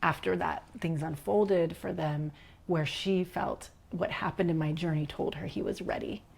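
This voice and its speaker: A middle-aged woman with a low, gravelly voice shares a personal story as a podcast guest. She tells it in an animated way, acts out what others said, and sometimes drops into a whisper. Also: moderate pace.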